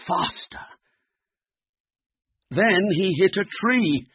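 A man reading a children's picture book aloud in a slow, lively, expressive way. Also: on the low side, husky, dry recording. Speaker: storyteller. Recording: dull, muffled recording.

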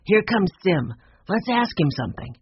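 A narrator voicing a steady, level-headed older boy, in a slightly muffled storybook recording. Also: medium pitch, normal speed, slightly rough, no room sound, voice pushed up. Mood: calm.

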